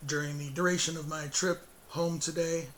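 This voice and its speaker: Hoarse man rambling on his own show. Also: on the high side, little pitch movement, normal speed, fairly bright tone, slight background noise. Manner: rambling, with frequent fillers and self-corrections; chuckles between sentences. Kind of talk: casual spoken update.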